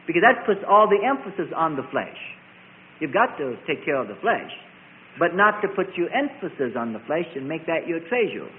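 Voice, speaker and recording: A man's voice: on the high side, big pitch swings, moderate pace, slight background noise. A man preaching a sermon, driving his points home by repeating and contrasting phrases. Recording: tinny phone-like sermon recording.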